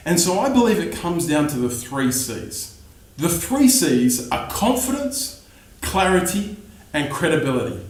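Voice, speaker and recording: A man teaching phone sales skills with energetic, coaching delivery, standing in his studio. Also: fairly high pitch, roomy sound. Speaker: sales trainer. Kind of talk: instructional talk to camera.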